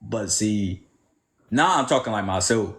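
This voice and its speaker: A man with a deep voice and a New York accent mixed with Southern, chatting casually and loosely on a live stream, slangy and rambling. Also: expressive, unhurried, a bit bright. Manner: laid-back, slangy, rambling. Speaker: livestream co-host.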